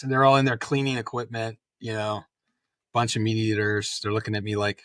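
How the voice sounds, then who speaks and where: A man's voice: on the low side, moderate pace, no room sound. A middle-aged man, a former special forces officer, telling stories in a casual interview and acting out the dialogue. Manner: animated storyteller acting out quoted dialogue. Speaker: podcast guest, former Green Beret officer.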